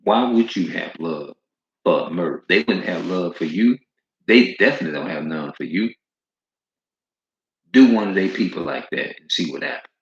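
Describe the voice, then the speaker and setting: A man's voice: deep voice, animated, moderate pace, long pauses. A man preaching informally and reading scripture aloud, emphatic and repetitive, in slangy speech that leans hard on stressed words. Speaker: street preacher. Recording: echoey room, dull lo-fi sound.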